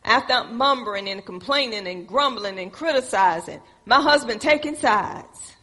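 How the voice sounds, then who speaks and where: Female preacher, high husky voice, call-and-response delivery, reverberant hall. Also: expressive, normal speed, hardly any pauses, bright, forceful tone. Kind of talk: sermon. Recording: echoey hall with long reverb.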